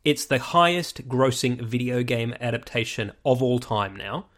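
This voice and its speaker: A man chatting casually as a podcast co-host. His voice sits at an ordinary middle pitch. He talks in an animated way and tells stories full of quoted voices. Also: a little slow. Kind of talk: casual chat.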